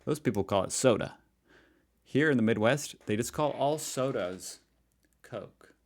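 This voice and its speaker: A man's voice: medium pitch, lively intonation, measured pace, slight background noise. A man from the northeastern United States hosting a reaction video, chatting casually and joking along. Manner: laid-back, joking, chatty.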